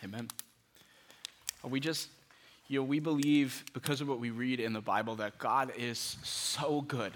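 A man's voice: medium pitch, fairly even intonation, measured pace, some chatter behind, a little hiss or hum. Pleading male pastor preaching a sermon. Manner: pleading, swings from loud to hushed.

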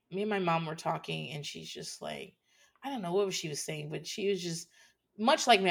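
Woman co-host, chatty and animated, lots of laughter while recapping a show. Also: sits low, gravelly. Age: late 20s or older. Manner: animated, laughs often, acts out quotes. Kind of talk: casual chat recapping a TV show.

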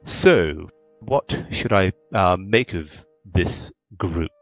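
A man's voice: deep voice, animated, drawn-out words, dry recording, faint music behind, heavily acted. A man voicing a dignified middle-aged male wood elf noble who speaks courteously and formally. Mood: polite, composed.

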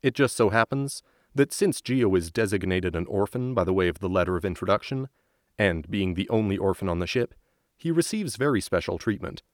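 A man with a very low voice reads a story aloud as narrator, slow and measured. The recording is close and dry, with no room sound. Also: no echo. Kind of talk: scripted audiobook narration.

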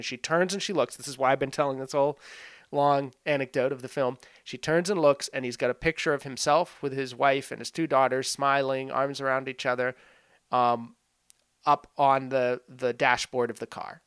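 A man in a loose, casual film chat, full of fillers and restarts, now and then slipping into little acted-out bits of scenes. His voice is smooth and resonant, recorded dry and close with no room sound. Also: medium pitch, fairly even intonation, normal speed, a bit bright, dry recording. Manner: rambling, frequent "like" fillers, acts out scenes.

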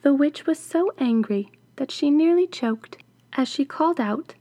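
A woman reading a fairy tale aloud, slow and expressive. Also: high voice, no room sound. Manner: slow, deliberate, expressive storytelling. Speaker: storyteller.

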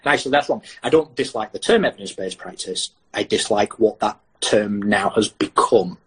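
A man's voice: on the low side, fairly quick, slightly rough, rough recording. A British man, a sports science lecturer, talking through research in a podcast interview and acting out what athletes and coaches say. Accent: British English. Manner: animated, acts out athletes' and coaches' lines.

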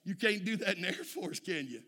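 A man preaches a sermon with a folksy, storytelling manner. His voice sits a little high and sounds forceful and bright. The church hall around him leaves a long reverb. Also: expressive, brisk. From Texas. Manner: folksy storytelling, frequent "amen?" calls to the congregation. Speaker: pastor.

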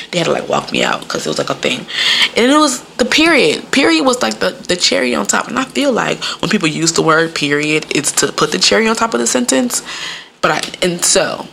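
A young woman rambles through a casual, profane monologue, breaking into laughter and leaning on "like" constantly. Her voice sits low with a gravelly fry, yet it comes across bright and forceful. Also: big pitch swings, fairly quick, a little hiss or hum.

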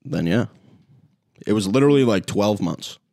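A man's voice: lowish voice, lively intonation, moderate pace, darkish tone, dry recording, studio quality. A young man in laid-back casual chat with a friend, using slang and laughing often.

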